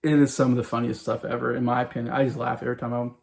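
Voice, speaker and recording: A man in his forties talks about a favorite film in a loose, unscripted way. He sounds eager and gushing, and he keeps circling back with plenty of "you know" and "uh" as he goes. His pitch sits in an ordinary middle range. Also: little pitch movement, racing, gravelly. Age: 40s. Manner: enthusiastic, rambling, many fillers. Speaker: movie review vlogger. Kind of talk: casual film review monologue.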